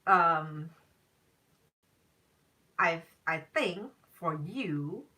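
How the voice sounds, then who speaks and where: A woman's voice: fairly low pitch, animated, drawn-out words, pushed and bright, recorded from a distance, poor audio. A young woman, a tarot reader, chatting casually on a live stream, emphatic and repeating herself.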